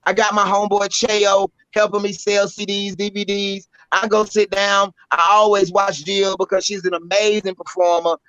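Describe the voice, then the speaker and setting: A Southern woman spins a story in a bright, forceful voice, blunt and animated, with salty language. The audio is dry and dull, like a lo-fi podcast mic close up. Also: mid-range voice, normal speed, few pauses, dry recording. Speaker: spoken word poet, guest. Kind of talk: casual storytelling. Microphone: podcast microphone.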